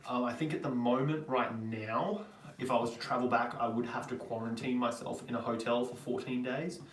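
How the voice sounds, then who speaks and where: A man's voice: mid-range voice, fairly even intonation, brisk, slight background noise. A young Australian man in his twenties, hosting a live-stream Q&A and answering viewers in a chatty, rambling way. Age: 20s. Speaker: vlogger host. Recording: roomy, distant from the mic.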